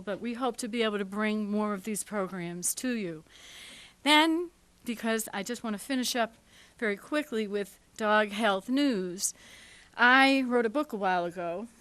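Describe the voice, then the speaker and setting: A woman's voice: medium pitch, fairly bright tone, no echo. A woman who produces a local show, giving a chatty, self-deprecating acceptance speech at a TV studio event. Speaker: award recipient and show producer.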